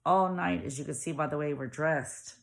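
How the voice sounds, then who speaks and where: A woman's voice: low voice, normal speed, creaky. A woman voicing a cold, cunning female warden who justifies herself defensively. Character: tough, cunning female prison-camp warden.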